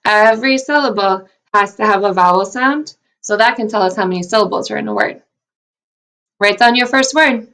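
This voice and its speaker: A woman first grade teacher works through a recorded phonics lesson, speaking slowly and clearly as she sounds out letters and syllables. Her manner is upbeat and encouraging, her pitch medium and her tone fairly bright.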